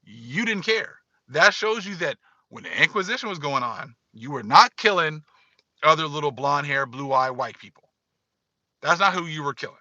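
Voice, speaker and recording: A man's voice: on the high side, lively intonation, normal speed, pushed and bright, dry recording, dull audio. A man giving casual livestream commentary, emphatic and repetitive, talking straight to his viewers. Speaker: online commentator.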